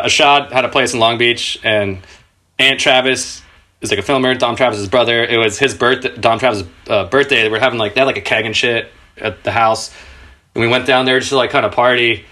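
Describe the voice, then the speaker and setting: A man's voice: steady tone, normal speed, pushed and bright. A man in his thirties, a skateboarder guest on a podcast, telling laid-back, profane stories and laughing as he talks. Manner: raises his pitch a lot when quoting people. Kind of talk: casual podcast storytelling.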